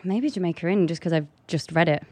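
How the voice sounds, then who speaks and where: Brief: English actress guest, chatty, dry close sound. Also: female voice, lowish voice, fast talker, warm tone, slightly rough, no room sound. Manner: chatty, self-deprecating. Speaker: guest actor. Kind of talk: casual chat.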